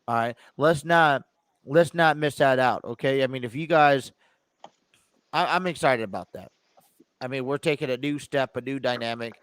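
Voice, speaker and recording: A man's voice: medium pitch, moderate pace, fairly bright tone, clean tone, dry recording. A man hosting his own sports talk podcast from a home studio, chatting casually with many fillers and restarts, a bit stuffy. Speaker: podcast host. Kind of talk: casual chat.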